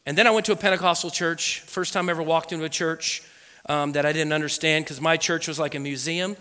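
A man preaching a personal testimony, telling the story with animated energy and acting out what people said. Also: fairly high pitch, fast talker, long reverb tail. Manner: animated storytelling, acts out quotes. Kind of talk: sermon testimony.

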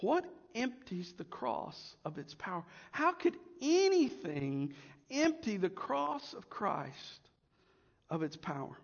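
Man, pastor, sermon, high voice, loud emphasis and hushed asides, muffled sound. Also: slow pace, gravelly, big-room sound. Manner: expressive preaching, swinging between loud emphasis and hushed asides.

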